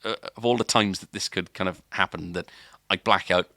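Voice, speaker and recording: A man's voice: deep voice, steady tone, a little fast, bright, forceful tone, dry recording, studio quality. A man, a podcast co-host, telling a long story in casual chat, rambling with restarts and filler words.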